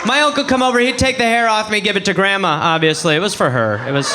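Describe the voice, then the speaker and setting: A man from England doing a stand-up routine on a comedy club stage, animated, acting out voices and laughing at his own jokes. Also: sits high, fast, few pauses, background noise. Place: comedy club stage before a live audience.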